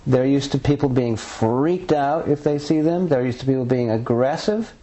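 A man's voice: medium pitch, normal speed, dark tone, poor audio. A man being interviewed as an author and researcher, talking earnestly and rambling with frequent restarts. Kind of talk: conversational interview.

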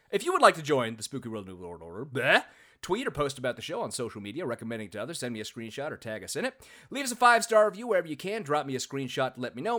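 Male podcast host, bright forceful tone, rambling friendly chatter with fillers. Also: a little high. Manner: chatty, self-deprecating, lots of filler words. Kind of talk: casual podcast chat.

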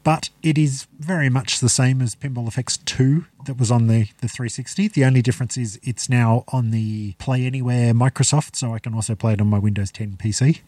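A man's voice: mid-range voice, steady tone, a little fast, few pauses, a little mellow, dry recording. A man co-hosting a podcast, chatting casually with dry humor. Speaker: podcast co-host. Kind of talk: casual chat.

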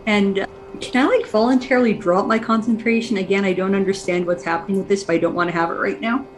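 Brisk woman giving orders at a game table. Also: mid-range voice, fairly even intonation, poor audio. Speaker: player. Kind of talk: tabletop role-play session.

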